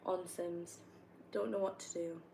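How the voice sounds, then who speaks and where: A woman's voice: lowish voice, steady tone, unhurried, vocal fry, warm tone, slight background noise, poor audio. A young woman from North East England with a Northumbrian accent, chatting casually and rambling while she plays a game and answers viewer questions. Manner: chatty, rambling, laughs often. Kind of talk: casual chat while gaming.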